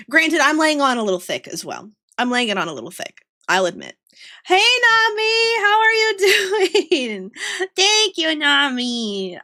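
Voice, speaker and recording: Here the young woman from Georgia, lightly Southern-accented, keeps sketching on stream as she chats, laughs, and wanders through stories about her family. Her mid-range voice sounds pushed and bright.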